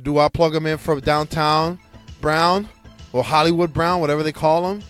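A man's voice: fairly high pitch, fairly even intonation, moderate pace, fairly bright tone, clear, resonant tone, faint music behind. A man hosting a casual podcast, ranting in a rambling, profane way with frequent restarts. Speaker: podcast host.

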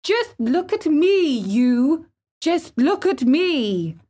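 A woman voicing an imperious, sickly boy who gives orders haughtily, in a high, commanding voice for a storybook. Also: very animated, extremely slow, mellow, heavily acted. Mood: furious.

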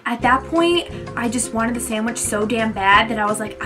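Chatty New woman, music behind. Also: normal speed. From New Jersey. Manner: animated, frequent "like", acts out quotes in a higher voice. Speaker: beauty vlogger. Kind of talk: casual storytelling chat.

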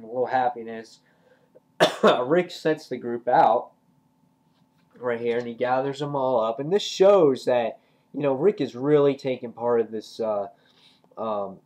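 A man's voice: medium pitch, darkish tone. A young man giving a casual, rambling comic book review, swearing freely.

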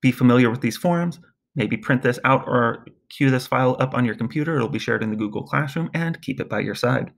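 A male Latin teacher giving a recorded lesson, explaining grammar in a relaxed, chatty way and chanting word forms as drills. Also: medium pitch, a little fast, gravelly.

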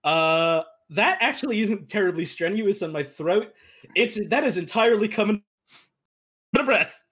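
A woman's voice: mid-range voice, animated, moderate pace, a bit bright, slightly rough. A woman on a voice call with a patchy connection, explaining things in an easygoing way. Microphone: voice call over a patchy connection.

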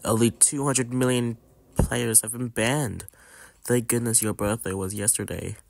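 A young man playing out a game role-play skit, reacting with quick, astonished exclamations. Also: mid-range voice, fairly even intonation, gravelly. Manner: exclaiming, rapid reactions of disbelief. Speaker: gaming YouTuber. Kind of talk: Roblox role-play skit voicing several characters.

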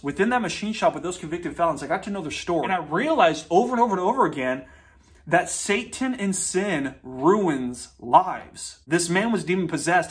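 A man preaching a sermon, reading scripture aloud and telling it as a story, speaking straight to his listeners with emphatic repetition. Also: a little high.

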